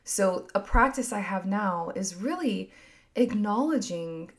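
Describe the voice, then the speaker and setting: A woman hosting a podcast, talking through her emotions in a soft, musing, reflective monologue full of casual fillers. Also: mid-range voice, animated, a little slow. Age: adult mother. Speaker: podcast host.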